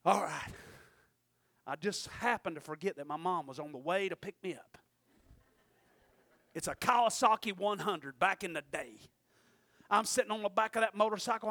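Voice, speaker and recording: A preacher with a very high, bright, forceful voice, heard close and dry. He swings from shouted exhortation to quiet, folksy asides and keeps calling out to his congregation. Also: no echo. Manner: frequent call-outs to the congregation. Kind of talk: sermon.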